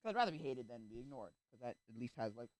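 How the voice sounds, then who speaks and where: A male streamer in casual chat, rambling with restarts and acting out little quoted exchanges, sometimes breaking into loud rants. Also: medium pitch, sing-song, racing, no room sound. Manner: gets loud and ranting.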